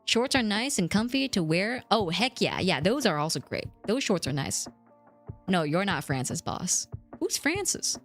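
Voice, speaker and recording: A young adult woman streamer chatting casually with viewers, jumping between squeaky highs and mock-deep lows. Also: sing-song, normal speed, fairly bright tone, faint music behind.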